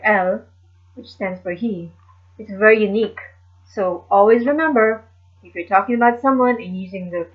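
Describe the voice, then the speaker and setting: A woman teaching a language lesson slowly and carefully, repeating each word for learners. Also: medium pitch. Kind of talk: slow explanatory lesson. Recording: dull lo-fi sound.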